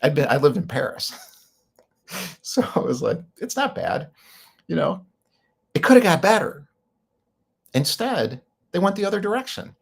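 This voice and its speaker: A man's voice: a little high, big pitch swings, moderate pace, creaky, long pauses, husky. A man hosting a show, talking in a rambling, opinionated way and laughing often. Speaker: host. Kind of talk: casual monologue.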